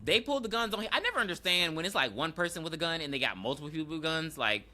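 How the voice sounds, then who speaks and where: A woman with a low-pitched voice talks at a racing pace, her intonation lively, pushed and bright. As a podcast co-host, she recaps a TV episode in loose, casual chat, acting out the characters' lines with slang and laughs.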